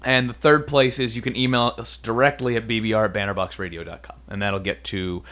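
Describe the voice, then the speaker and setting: A man's voice: lowish voice, fairly even intonation, a little fast, a bit bright. A man co-hosting a casual talk show, joking dryly in banter with his partner. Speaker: podcast co-host. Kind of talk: casual chat.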